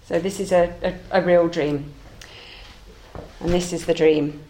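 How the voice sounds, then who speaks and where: A woman minister giving a sermon as a lively storyteller, acting out the characters as she goes. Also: on the low side, a little slow, long pauses, roomy sound.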